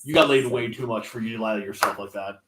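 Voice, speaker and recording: A man's voice: on the low side, fast. A man joking and teasing in a casual chat during a card game. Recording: echoey room, faint noise, card clicks.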